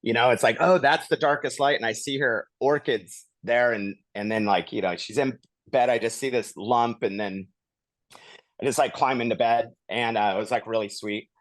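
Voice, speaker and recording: A man's voice: mid-range voice, normal speed, no echo. A man hosting a podcast, telling a story casually and animatedly, chuckling and acting out quotes. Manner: animated retelling with laughs and acted-out quotes. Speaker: podcast host. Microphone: studio podcast mic.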